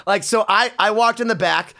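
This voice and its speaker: A man with a high, bright voice telling an animated story in casual chat. He acts out every quote, so his voice jumps around a lot. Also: moderate pace, gravelly. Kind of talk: casual anecdote.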